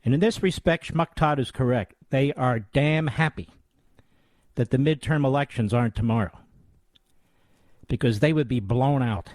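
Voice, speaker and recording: A man's voice: mid-range voice, normal speed, long pauses, darkish tone, no room sound. A talk radio host in his sixties holds forth in a combative, scornful tone. His voice sits mid-range and is recorded close and dry, with no room sound. He leans hard on key words. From United States. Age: 60s.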